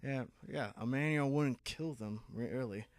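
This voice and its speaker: A young man co-hosting a podcast in casual chat, relaxed and agreeable, swearing now and then. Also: mid-range voice, measured pace, noisy background. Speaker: podcast co-host.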